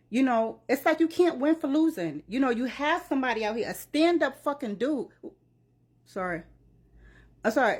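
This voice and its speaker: A woman giving an emotional, preachy reaction commentary, often saying "child" and "you know what I'm saying". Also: fairly high pitch. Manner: uses "child" as address. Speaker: commentary vlogger.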